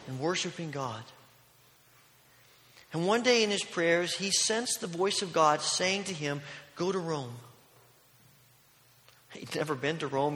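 A man preaching a sermon as a pastor, telling a story that moves between loud, urgent passages and hushed ones. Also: a little high. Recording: long reverb of a large hall.

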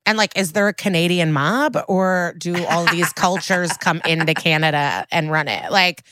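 A woman's voice: fairly low pitch, normal speed, background noise. A woman co-hosting a podcast in casual chat, talkative and self-deprecating, often trailing off mid-sentence. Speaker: podcast co-host.

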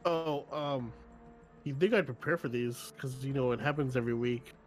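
A man's voice: medium pitch, normal speed, a little mellow, faint music behind. A man co-hosting a casual gaming podcast, enthusiastic and a little rambling. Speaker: podcast co-host.

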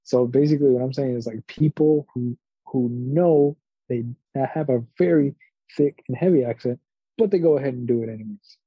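A man's voice: medium pitch, moderate pace, breathy edge, dry recording. A man co-hosting a podcast in casual chat, rambling through stories and acting out the people in them. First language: Spanish. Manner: rambling, animated storytelling with quoted voices and laughs. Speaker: podcast co-host. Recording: dull lo-fi podcast mic.

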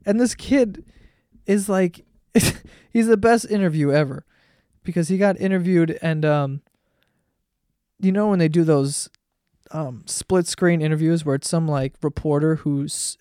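A man's voice: high-pitched, darkish tone, dry recording, studio quality. A man hosting a podcast, telling stories in a rambling, profane way and laughing often. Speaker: podcast host. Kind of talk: casual solo storytelling.

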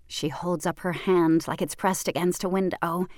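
Audiobook narrator: woman, lower register, measured and intimate delivery with quiet tension, dry close-miked studio sound. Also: steady tone, dry recording. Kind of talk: first-person fiction narration.

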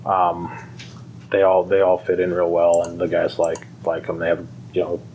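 Deep-voiced man chatting casually. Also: completely flat delivery, normal speed, narrow, tinny audio, slight background noise. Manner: rambling, many fillers and restarts, laughs easily. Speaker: fire department pipe band organizer. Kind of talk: casual conversation.

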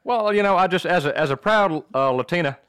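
A man doing a put-on Southern American accent as a proud Mexican-born man giving a halting heritage speech. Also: high-pitched, animated, a bit bright, clean tone, no room sound, studio quality. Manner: halting, stumbling over Spanish words.

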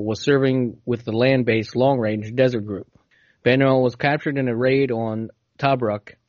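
A man's voice: mid-range voice, darkish tone, no room sound. A man hosting a casual podcast, telling a story and reading passages aloud, stumbling now and then over hard words. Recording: dull, dry lo-fi audio.

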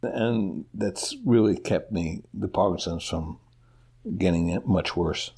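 A middle-aged man with a deep, gravelly voice speaks candidly as an interview guest. His husky tone comes through as he halts and restarts mid-sentence. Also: takes it slowly, darkish tone. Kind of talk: personal storytelling in an interview.

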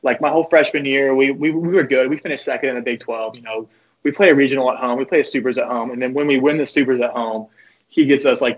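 Husky young man telling stories. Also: mid-range voice, highs cut off. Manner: loose, profane storytelling. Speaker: guest, former college pitcher. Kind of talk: casual podcast chat.

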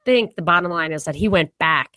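A woman's voice: lowish voice, fairly quick, sharp tone, dry recording. A woman co-hosting a podcast, talking through political ideas in a rambling, casual way with frequent restarts. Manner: rambling, restarts often, laughs easily. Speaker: podcast co-host.

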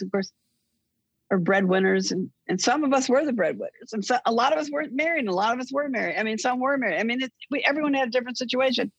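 Husky older woman, gravelly and dry. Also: on the high side, fast talker, dry recording, lo-fi sound. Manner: rambling, self-correcting storyteller. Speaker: guest. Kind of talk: casual chat, storytelling.

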